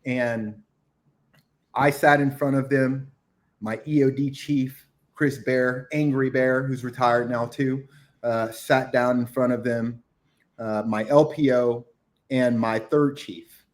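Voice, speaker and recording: Middle-aged guy on a podcast telling war stories, gets loud acting out the yelling, mid pitch. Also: takes it slowly. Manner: animated war storytelling, acts out shouted quotes. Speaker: podcast guest, retired Navy SEAL chief. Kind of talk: casual storytelling interview.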